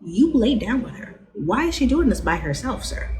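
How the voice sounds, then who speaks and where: A young adult woman recapping a TV episode in a casual, slangy way, laughing often and animated. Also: fairly high pitch, normal speed, a little hiss or hum, rough recording. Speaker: vlogger reviewing a TV show.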